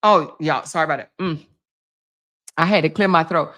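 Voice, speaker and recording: A woman with laryngitis hosting a casual livestream, talking loudly to her viewers, full of laughs and exclamations. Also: deep voice, moderate pace. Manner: loud, laughing, animated, talking to chat as "y'all". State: hoarse with laryngitis. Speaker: livestream host.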